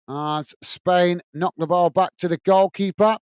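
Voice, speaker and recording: A chatty man hosts a live football watch-along, with a fairly high voice that comes across smooth and clear. His sound is close and dry, with no room around it, as he keeps thanking viewers as "mate" and "guys". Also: steady tone, a little slow, darkish tone, dry recording. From England. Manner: reads out viewer messages and thanks them. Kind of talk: live stream chat.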